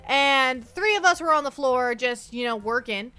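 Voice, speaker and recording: A woman's voice: high-pitched, animated, normal speed, bright, forceful tone, clean tone. A young adult woman streaming as a VTuber, chatting casually and playfully with her viewers and often repeating herself. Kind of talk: casual livestream chat.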